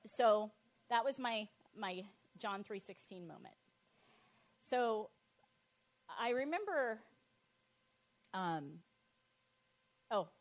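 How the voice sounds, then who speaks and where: A woman, middle-aged, telling her personal testimony in a lively, animated way, laughing often and acting out the voices she quotes. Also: mid-range voice.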